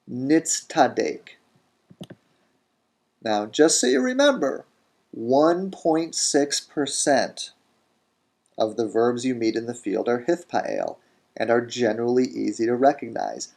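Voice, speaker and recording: A man teaching a grammar lesson in a recorded lecture, deliberate, saying each word form slowly and repeating it. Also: medium pitch, very animated, gravelly, darkish tone. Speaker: language teacher.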